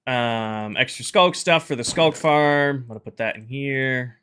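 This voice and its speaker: Bright-voiced chatty male streamer. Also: mid-range voice, unhurried, a little hiss or hum. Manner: chatty, thinks aloud and greets chat viewers. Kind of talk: casual live-stream chat while gaming.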